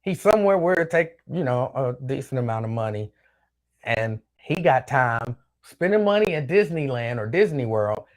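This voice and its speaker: This man hosts his own show, chatting alone in a casual manner and reading viewer comments aloud; his delivery wanders and repeats itself. His voice sits in the mid range, with lively intonation and a moderate pace.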